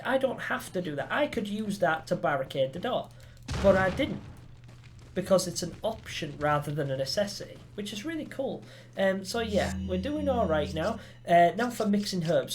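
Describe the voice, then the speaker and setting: A gamer from Romania giving chatty, filler-heavy let's play commentary that bursts into excited yelps. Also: mid-range voice, a little hiss or hum. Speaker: gaming commentator.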